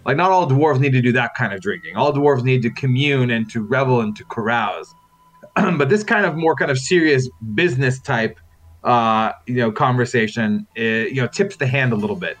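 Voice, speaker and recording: A man's voice: medium pitch, normal speed, fairly bright tone, faint music behind. A man playing a tabletop game, rambling and repeating words as he explains. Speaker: player.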